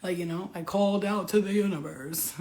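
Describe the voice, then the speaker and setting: A woman's voice: fairly low pitch, a little fast. A woman talking casually in a vlog about spiritual life, laughing often, swearing freely and acting out other people's words. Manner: animated, mimics others in put-on voices. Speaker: spiritual vlogger. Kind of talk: casual monologue.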